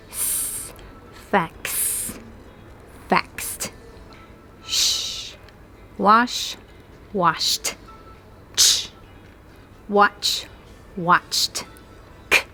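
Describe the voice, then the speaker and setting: A woman English teacher giving a pronunciation lesson, speaking clearly and carefully. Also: medium pitch. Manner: slow, clear, careful enunciation.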